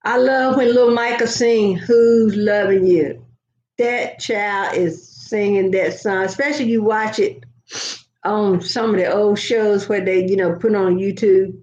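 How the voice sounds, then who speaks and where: A woman's voice: medium pitch, steady tone, measured pace, a little mellow. An older woman, chatting casually to her viewers in a rambling, folksy storytelling way. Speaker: vlogger. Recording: roomy, slightly dull sound.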